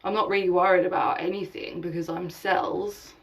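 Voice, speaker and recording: A woman's voice: on the low side, fairly even intonation, moderate pace, recorded from a distance, rough recording. A woman hosting a live spiritual session, talking emphatically, swearing casually and acting out imagined conversations. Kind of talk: live-streamed spiritual talk.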